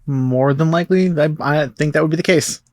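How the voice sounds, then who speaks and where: Measured podcast guest, dry close sound. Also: male voice, a little high, a little mellow, no room sound. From Canada. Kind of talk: casual podcast chat.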